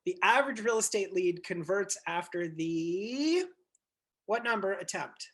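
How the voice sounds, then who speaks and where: A blunt male real estate coach talking to his group over a video call. He gets animated, acts out little scenes and swears freely. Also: high-pitched, measured pace.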